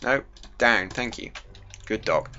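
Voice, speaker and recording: Taking his time, the boy delivers his Minecraft let's play in a fairly low, expressive voice that's pushed and bright, with some vocal fry. He's a British teenage YouTuber who rambles, jokes and puts on silly voices, sweating from the heat. Behind the muffled home recording there's faint music and slight noise.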